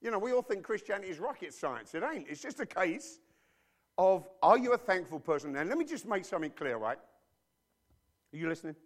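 A man's voice: high voice, very animated, brisk. A man preacher delivering a sermon emphatically and bluntly, with informal slang and frequent rhetorical questions to his listeners.

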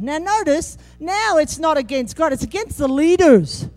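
A woman preaching a sermon, animated and humorous, acting out scripture quotes with sudden jumps in voice. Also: high voice, moderate pace.

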